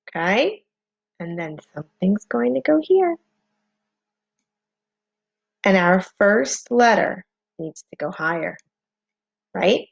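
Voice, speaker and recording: A woman's voice: mid-range voice, big pitch swings, slow, creaky, pauses often. A woman teaching a phonics lesson, patient and encouraging, spelling out letters one by one. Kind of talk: slow, clearly paced phonics lesson. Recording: slightly dull lo-fi home recording.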